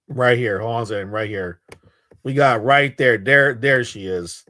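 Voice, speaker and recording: A man giving casual, halting reaction commentary on a clip, scoffing and repeating himself. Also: medium pitch, sharp tone, no echo. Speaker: reaction streamer.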